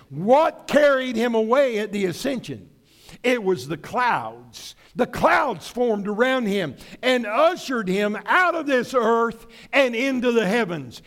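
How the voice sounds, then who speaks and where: A man's voice: high-pitched, animated, measured pace, a bit bright. A man preaching a sermon as pastor, folksy and emphatic, mixing stories with scripture.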